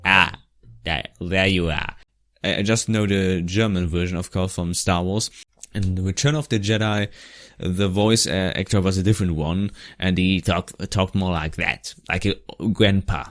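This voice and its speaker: A man with a fairly low voice chats loosely over footage of his own old project. His talk wanders, with plenty of restarts and the odd laugh. The sound is dry and close, with no room around it. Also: fairly even intonation, moderate pace, no echo. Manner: rambling, restarts often, laughs now and then. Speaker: vlogger. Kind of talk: casual commentary over his old video.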